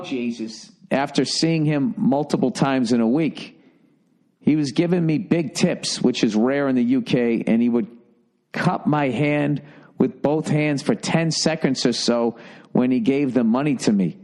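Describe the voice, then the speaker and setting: Podcast host guy reading fan letters, mid-pitched, swears a lot, exasperated asides. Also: unhurried, a little mellow. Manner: blunt, profane, exasperated asides. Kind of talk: reading listener letters with comments.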